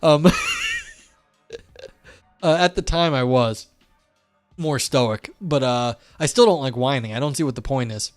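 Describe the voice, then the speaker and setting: A man's voice: medium pitch, huge pitch swings, takes it slowly, long pauses, no room sound, faint music behind. A man talking casually on a livestream, rambling and blunt, calling himself a curmudgeon while reading chat.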